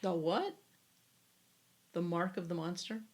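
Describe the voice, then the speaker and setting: A woman co-hosting a casual podcast, reacting with amused, quick remarks. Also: lowish voice, darkish tone. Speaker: podcast co-host. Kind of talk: casual chat.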